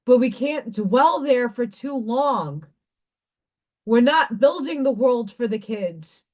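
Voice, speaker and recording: A woman's voice: fairly high pitch, animated, takes it slowly. A woman hosting a live craft stream, talking about spiritual growth in a passionate, preachy way and swearing freely. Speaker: livestream craft host.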